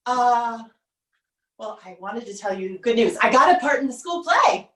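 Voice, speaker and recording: A timid young girl, played by a woman in a solo stage show, high and hesitant, begging her family to listen. The voice carries through a roomy space from a distance. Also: expressive, measured pace, fairly bright tone. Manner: hesitant, pleading. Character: young girl, pleading and unheard. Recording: roomy stage sound, mic far off.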